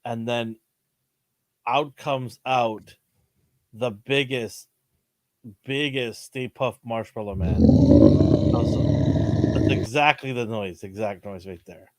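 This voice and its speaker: A man's voice: mid-range voice, slow, long pauses, no echo. A man co-hosting a casual podcast, talking about a TV episode with playful jokes and vivid exaggeration. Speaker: podcast co-host. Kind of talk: casual chat reviewing a TV episode.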